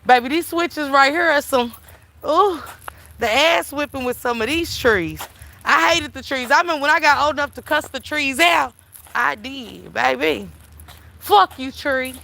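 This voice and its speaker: A middle-aged woman hosting a livestream, telling stories in an animated, emphatic way, with plenty of swearing, while she walks outdoors and talks into her phone. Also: high-pitched, normal speed, creaky. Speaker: livestream host. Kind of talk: casual storytelling chat. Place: outdoors, walking through town.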